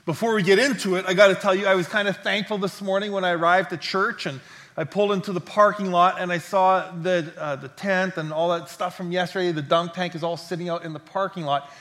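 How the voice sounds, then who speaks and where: A pastor preaching a sermon in a church, in a friendly, conversational manner. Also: male voice, high-pitched, fairly even intonation, brisk, a bit bright.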